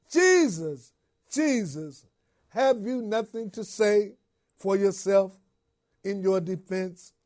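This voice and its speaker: Man, preacher, slow dramatic sermon storytelling, high voice, hushed refrains. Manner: slow, dramatic storytelling in first person, dropping to a hush on refrains.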